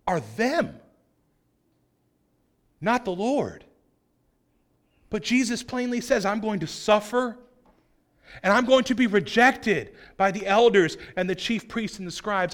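A male pastor preaching a sermon, acting out quoted voices and swinging from loud outbursts to hushed lines. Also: high voice.

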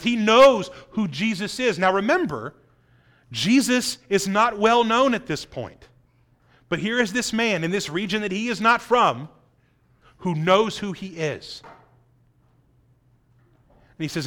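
A man with a notably high voice preaches a sermon through a passage. He leans hard on key points and keeps asking his listeners rhetorical questions. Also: lively intonation, a little slow, pauses often, a bit bright. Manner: emphatic, asks rhetorical questions, acts out quotes. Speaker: pastor. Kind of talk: expository sermon.

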